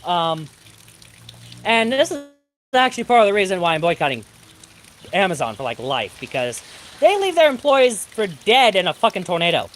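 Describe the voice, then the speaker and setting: Swearing storm streamer, rants freely, pitch jumps all over, rain patters behind. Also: very animated, moderate pace, long pauses, fairly bright tone, slight background noise. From Pacific Northwest of the US. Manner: profane, ranting. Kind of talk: live-streamed storm chat. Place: home during a thunderstorm, rain outside.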